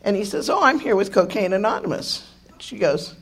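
Hoarse middle-aged woman, candid and joking. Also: medium pitch, very animated, brisk, fairly bright tone. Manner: candid, joking, laughs often, swears. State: hoarse, voice worn out. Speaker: speaker sharing at a recovery meeting. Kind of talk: personal recovery testimony. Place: meeting room with an audience.

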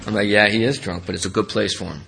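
A man giving an earnest, emotional personal testimony as a speaker at a recovery meeting. He rambles with many restarts and his voice drops low in the sad parts. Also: steady tone, fast talker, gravelly, background noise.

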